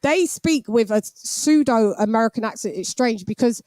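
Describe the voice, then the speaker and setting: A woman's voice: on the high side, expressive, normal speed, a little mellow, no room sound. A British woman in her forties hosting a boxing live stream, chatting casually and laughing while reading out viewer messages. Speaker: boxing show host.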